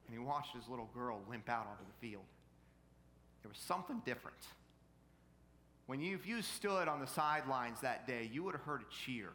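Bright-voiced preacher in an echoing hall. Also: male voice. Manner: storytelling preacher who builds to shouting peaks. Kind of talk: sermon. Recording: reverberant church hall, faint rumble.

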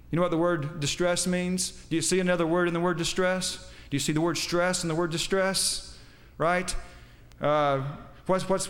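A man's voice: high voice, a bit bright. A man preaching a sermon, quoting scripture with emphasis and putting questions to his congregation. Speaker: pastor.

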